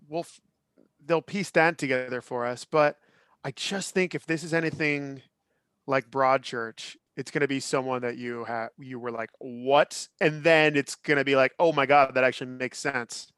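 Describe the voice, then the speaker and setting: A man in his thirties co-hosting a podcast, chatting casually in an animated, opinionated way with lots of restarts. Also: medium pitch, normal speed, clear, resonant tone, no room sound, clean studio sound. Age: 30s. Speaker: podcast co-host. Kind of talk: casual chat.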